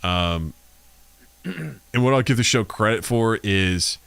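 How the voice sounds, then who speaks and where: A man co-hosting a casual podcast chat, swearing and acting out quoted voices with big pitch jumps. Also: expressive, takes it slowly, vocal fry, fairly bright tone, no echo. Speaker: podcast co-host. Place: studio, live stream.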